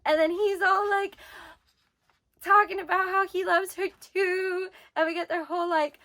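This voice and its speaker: High-voiced young woman rambling emotionally. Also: fairly even intonation, normal speed, sharp tone. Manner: rambling, heavy "like" filler, emotional. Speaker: manga reviewer. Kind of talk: casual review chat.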